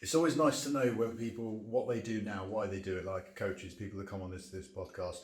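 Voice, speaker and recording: A man's voice: lowish voice, fairly even intonation, brisk, roomy sound. A man hosting a casual podcast interview, chatty, joking and informal. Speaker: podcast host.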